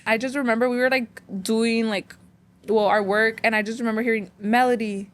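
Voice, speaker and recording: A young woman chatting as a podcast guest, telling lively stories and switching between English and Spanish. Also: fairly high pitch, a little fast. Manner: storytelling, mixing English and Spanish, acting out others. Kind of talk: casual interview chat.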